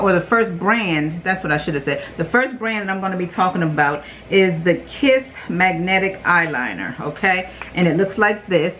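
A woman hosting her beauty channel, reviewing products in a casual, rambling way, speaking loudly and often ending lines with "okay?". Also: lowish voice, expressive, moderate pace, few pauses, soft background music. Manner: loud, self-aware about yelling. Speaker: beauty vlogger host.

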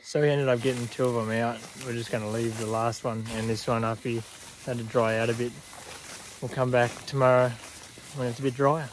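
A man, calmly talking through his farm work outdoors in an easygoing, matter-of-fact way. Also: medium pitch, a little fast. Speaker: farmer vlogger. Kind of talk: casual narration of farm work. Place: outdoors on a farm near machinery. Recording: engine noise in background.

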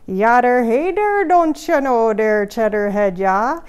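A woman's voice: on the high side, slow, smooth. A woman putting on a folksy lumberyard guy. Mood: sing-song folksy. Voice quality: loud, sing-song chant. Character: jolly Wisconsin lumberyard man, folksy.

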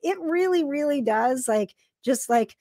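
Lady hosting a chat show, kinda high voice, dry close sound, rambly with lots of uhs. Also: animated, unhurried, mellow, dry recording. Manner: chatty, thankful, many fillers. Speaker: talk show host. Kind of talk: casual chat.

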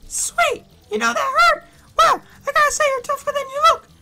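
A man voicing a feisty young female goomba in a video game, talking in a shrill, sassy, bossy way. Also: normal speed, creaky, pushed and bright, heavily acted.

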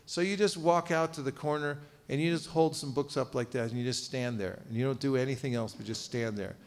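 A man leading a lively seminar for a live audience, playful and animated, getting the room to repeat phrases after him. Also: mid-range voice, fairly quick. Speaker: seminar teacher on book distribution. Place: seminar room at a cultural center.

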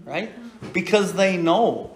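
A middle-aged Canadian man hosts a recovery podcast as host and sponsor, alternating blunt, profane casual talk full of "right?" asides with readings from the Big Book. His voice sits high, expressive and slow.

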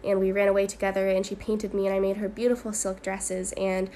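Lady rambling a dreamy what-if story, pretty flat delivery, faint room noise behind. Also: medium pitch, brisk. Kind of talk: whimsical storytelling monologue.

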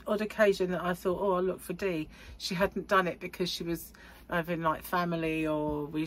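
Low-voiced chatty woman. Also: slight background noise. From United Kingdom. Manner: rambling, chatty, laughs often. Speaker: crochet vlogger. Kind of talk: casual chat to camera.

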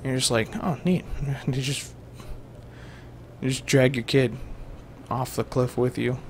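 A man's voice: medium pitch, little pitch movement, unhurried, a little hiss or hum. A young man giving rambling, jokey let's-play commentary to his viewers as a gaming host.

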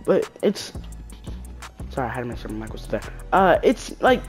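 A woman's voice: a bass voice, quick pace, faint music behind. A woman giving casual horror-game commentary, jumpy and slangy, yelping at scares and muttering banter to viewers. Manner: animated, jumpy, shrieks at scares then mutters. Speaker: gaming YouTuber.

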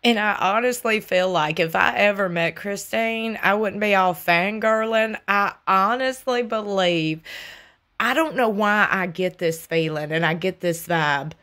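A woman chatting to her viewers from home, telling stories in an animated way and laughing often. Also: medium pitch, measured pace. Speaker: YouTube host. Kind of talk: casual chat to viewers.

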